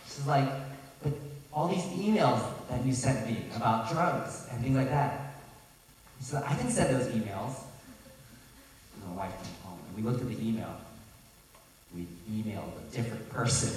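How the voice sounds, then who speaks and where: A man's voice: mid-range voice, animated, moderate pace, pauses often, darkish tone, slight background noise. A man preaching a sermon, earnest and telling a personal story with self-correcting asides. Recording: echoey hall, voice from a distance.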